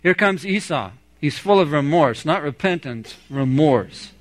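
Man, preacher, slightly high voice, scripture reading, emphatic commentary. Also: animated, a little slow. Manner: reads scripture aloud, then comments emphatically. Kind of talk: expository sermon with scripture reading.

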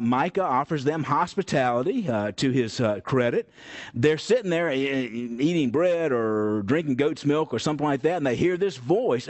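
A man teaching a Bible study, reading passages aloud and then explaining them in a conversational way, with frequent fillers and restarts. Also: a little high. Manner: conversational, many fillers and restarts, folksy asides.

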